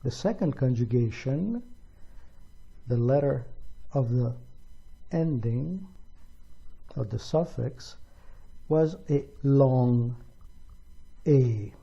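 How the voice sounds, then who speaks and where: A man teaching a grammar lesson slowly and deliberately, pronouncing each example with care. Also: medium pitch, animated, vocal fry, warm tone, slightly rough, muffled recording. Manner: slow, deliberate, careful pronunciation of examples. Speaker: language teacher. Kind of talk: slow explanatory grammar lesson.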